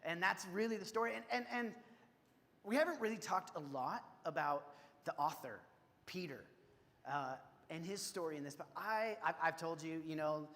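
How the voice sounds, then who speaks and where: A man preaching a sermon in a relaxed, conversational way, with frequent restarts and acted-out quotes that build in intensity. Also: fairly high pitch, moderate pace. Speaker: pastor. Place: church sanctuary. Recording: church sanctuary reverb.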